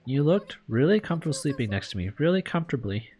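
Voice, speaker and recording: A woman's voice: low voice, big pitch swings, quick pace, darkish tone, soft background music. A woman voicing a shy, flustered schoolgirl in love, stammering and apologetic as she reads a yuri story aloud in character.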